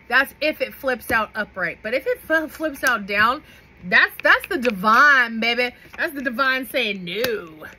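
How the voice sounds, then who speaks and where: Woman, tarot reader, bright voice, chatty and emphatic, faint room noise. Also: fairly high pitch, low-quality recording. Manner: chatty, emphatic, repeats "okay?", laughs often. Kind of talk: casual tarot reading to camera.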